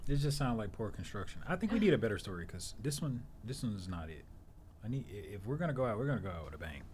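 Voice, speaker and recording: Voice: medium pitch, very animated, fast, noisy background. A playful podcast co-host in casual banter, hyping up the show and joking around.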